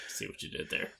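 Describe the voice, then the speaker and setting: A man co-hosting a podcast, chiming in with quick jokes and frequent laughter. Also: bright, forceful tone. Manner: laughs often, quick wisecracks. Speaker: podcast co-host. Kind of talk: casual chat.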